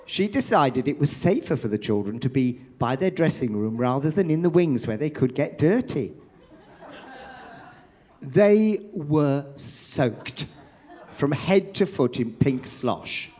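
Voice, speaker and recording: In a post-show theatre interview, a veteran pantomime performer in his later years shares stories, animatedly performing the voices he quotes. His medium-pitched voice is slow and slightly rough.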